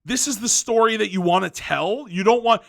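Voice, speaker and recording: A man's voice: high-pitched, normal speed, gravelly. A man hosting a commentary video, ranting angrily with profanity, fillers and restarts.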